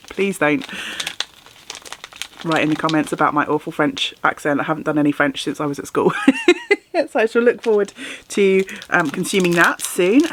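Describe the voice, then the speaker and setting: A woman's voice: sits low, slight background noise. Chatty enthusiastic woman vlogging. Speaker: knitting and spinning vlogger. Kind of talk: casual vlog chat.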